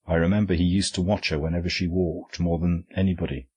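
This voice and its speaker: A man reading as a rough, gruff army captain with a husky, worn voice. He talks low and curt, a storybook soldier read aloud. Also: flat delivery, fast talker, dark tone, dull audio. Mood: grieving.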